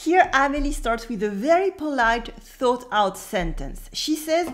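A French native woman teaching in a video lesson, explaining clearly and slowly repeating example words. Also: high-pitched, very animated, fairly bright tone.

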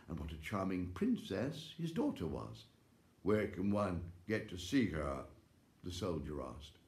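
A man's voice: lowish voice, a little mellow. Theatrical male storyteller, echoey room. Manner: theatrical, with gasps and exclamations. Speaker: actor reading a fairy tale. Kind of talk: expressive storybook reading. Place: home, during lockdown.

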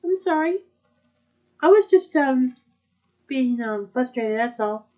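Woman voicing a shy stammery teen girl in a fan dub, high voice, muffled lo-fi. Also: animated. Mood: apologetic. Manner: hesitant, halting. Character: timid teenage girl, new club member.

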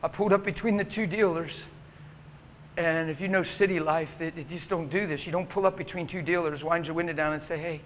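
A man's voice: fairly high pitch, fairly even intonation, fairly quick, fairly bright tone. Man, preacher, emotional storytelling sermon, church, faint background hiss. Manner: emotional storytelling, acting out quoted people. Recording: long church reverb, faint background noise.

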